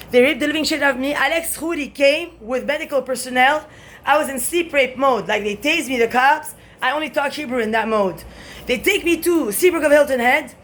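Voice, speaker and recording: A woman with a notably high voice delivers a rambling monologue to camera. She sounds agitated and swears freely, leaping from one point to the next and now and then breaking into shouts. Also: slight background noise. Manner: agitated, profane, jumps between topics, bursts into shouting.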